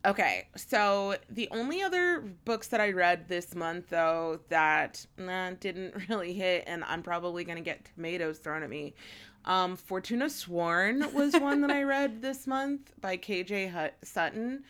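Bright-voiced chatty woman. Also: fairly low pitch, animated, measured pace. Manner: chatty, rambling, many fillers and restarts. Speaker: podcast co-host. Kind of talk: casual book chat.

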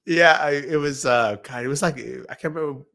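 A man's voice: fairly high pitch, fairly quick, a bit bright. A man, a YouTuber guest, telling anecdotes in casual chat, acting out the voices of people he quotes and laughing often.

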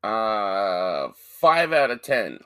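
Male podcast co-host, profane and lively, pitch all over the place, dry close sound. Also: drawn-out words, smooth, dry recording. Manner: profane, animated storyteller. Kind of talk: casual chat.

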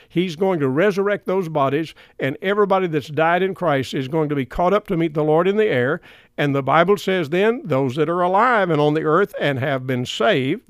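Man, middle-aged preacher, sermon delivery, slightly high voice, dry close sound, earnest and emphatic. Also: dry recording.

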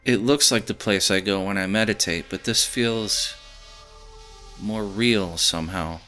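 A man voicing a hesitant young man who speaks haltingly about things he does not understand. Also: lowish voice, bright, forceful tone, soft background music. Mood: uncertain. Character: young man, unsure of his new powers.

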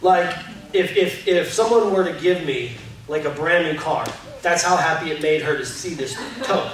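A pastor delivers a casual, conversational sermon in a church auditorium, candid and self-deprecating, with lots of fillers. His voice is a little high and moves at normal speed. The hall is very echoey, so he sounds far off, with faint noise in the background.

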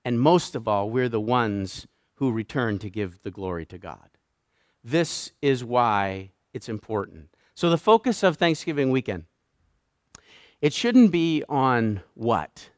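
A man's voice: medium pitch, lively intonation, a little slow, no room sound, studio quality. A Canadian man with a Canadian accent preaching a sermon, emphatic and building his points through repeated phrases. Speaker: pastor.

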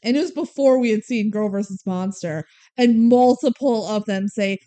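A woman's voice: medium pitch, normal speed, mellow. A woman co-hosting a casual movie recap podcast, laughing often and mockingly acting out lines from the film. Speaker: podcast co-host.

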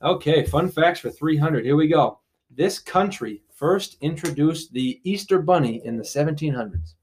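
Man, quiz host, slightly high voice, chatty and teasing, casual podcast. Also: expressive, normal speed, darkish tone. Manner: reads questions, laughs often, teasing.

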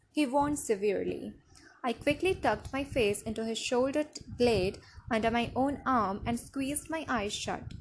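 A woman narrating a novel in the first person, with expressive storytelling. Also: a little high, a little hiss or hum.

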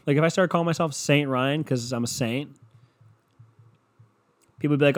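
A man's voice: on the high side, fast, pauses often. A man ranting in a sarcastic comedy style, swearing freely and mocking people. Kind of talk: profane comedic rant.

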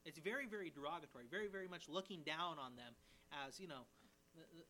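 A man as a pastor, teaching a sermon verse by verse with lively emphasis and paraphrased quotes. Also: on the high side, fairly quick, slight background noise.

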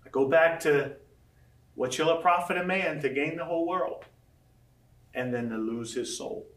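A man preaching a sermon as pastor, animated, acting out scripture quotes and asking the room questions. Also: a little high, normal speed. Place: large room with audience. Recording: echoey room from far off.

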